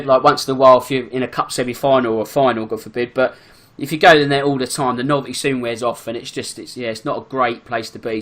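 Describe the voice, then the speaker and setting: A man talks football in a relaxed podcast chat at a brisk clip. His pitch sits in the middle, and his sentences tumble along with plenty of fillers and restarts. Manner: quick, chatty, full of fillers. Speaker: podcast guest, football fan. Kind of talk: casual chat.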